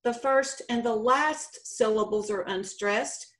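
A woman with a Texan accent giving a conference presentation with slides, explaining slowly and deliberately, stretching out example words. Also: a little high, fairly bright tone. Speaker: state contest director presenting. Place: conference session room.

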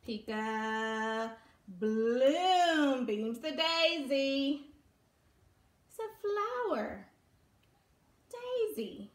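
Slow sing-song woman teacher. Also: high voice, very animated, echoey room. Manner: sing-song, exaggerated and slow, coaxing children to join in. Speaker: preschool teacher. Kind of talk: reading a picture book aloud to young children. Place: room at home.

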